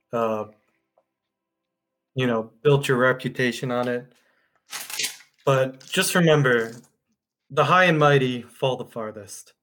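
A man's voice: mid-range voice, a bit bright. A man playing a beaten duelist yielding. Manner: halting, stumbling delivery. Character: defeated male duelist yielding with dignity.

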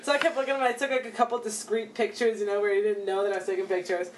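A woman's voice: mid-range voice, rapid-fire, crowd noise. Laughing, chatty woman. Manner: animated storyteller, laughs often. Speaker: friend in casual chat. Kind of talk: casual chat.

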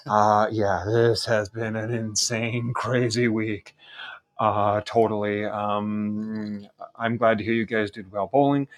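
A man from Minnesota leaves a relaxed, rambling voice message for his friends. His voice sits on the low side. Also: takes it slowly. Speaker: listener leaving a voice message. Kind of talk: casual voice message.

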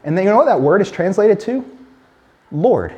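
High-voiced man preaching a sermon. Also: sing-song, darkish tone, muffled recording. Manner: earnest, emphatic, slows and drops low when quoting God. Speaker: pastor.

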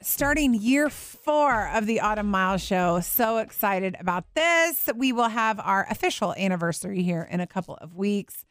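A woman, hosting a faith radio show and podcast in a chatty, animated way with frequent laughter. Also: medium pitch, moderate pace, no room sound, studio quality. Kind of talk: casual faith talk.

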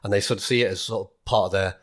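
A stand-up comedian talking casually on a podcast in a low voice. He rambles, circles back on his words and acts out other people's voices in his stories. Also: steady tone, very fast, fairly bright tone.

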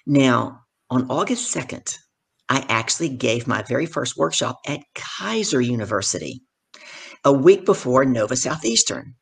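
A middle-aged woman, a professional speaker and guest, telling stories from her career in animated conversation and acting out the people in them. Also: extremely low pitch, normal speed, vocal fry, slightly rough. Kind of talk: conversational storytelling.

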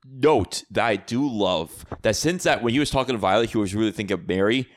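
A man co-hosting a casual film recap chat, talking in an animated way and swearing casually. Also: fairly low pitch, a little fast. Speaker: podcast co-host.

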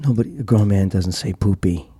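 A man's voice: sits low, brisk, dark tone, husky. A middle-aged man from Long Island co-hosting a podcast, teasing his friend and telling stories with a laugh. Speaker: podcast co-host. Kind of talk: casual chat.

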